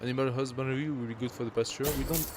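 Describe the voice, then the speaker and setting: A man's voice: medium pitch, fairly even intonation, fast. Guy streaming a strategy game, talks through his moves, hiss in the background. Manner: thinks aloud, reads game text, chuckles at it. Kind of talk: casual live gameplay commentary.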